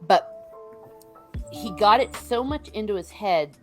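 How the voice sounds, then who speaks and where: A woman as an interview guest, sharing opinions in animated, casual chat and acting out quotes as she goes. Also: mid-range voice, unhurried, soft background music.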